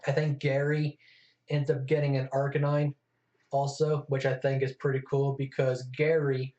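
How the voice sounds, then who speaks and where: A man's voice: mid-range voice, little pitch movement, moderate pace, mellow. A man co-hosting a casual chat, talking eagerly and freely. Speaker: co-host. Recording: echoey room, dull lo-fi sound.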